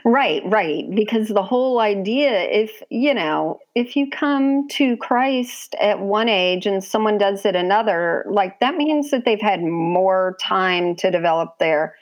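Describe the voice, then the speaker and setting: A woman's voice: mid-range voice, lively intonation, measured pace, hardly any pauses. A woman co-hosting a casual podcast, chatting and reading a listener's letter in a wry, drawling way.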